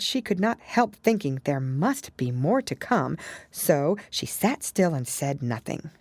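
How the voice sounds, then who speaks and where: Woman narrator, low voice, lively intonation, measured storytelling. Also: no room sound. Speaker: audiobook narrator. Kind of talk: scripted narration.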